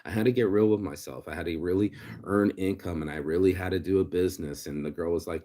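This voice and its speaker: Brief: lower-voiced man, vlogger, profane freewheeling rant, lots of restarts. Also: fairly even intonation, fast, hardly any pauses, mellow. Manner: ranting, profane, with frequent restarts and acted-out quotes. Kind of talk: unscripted monologue.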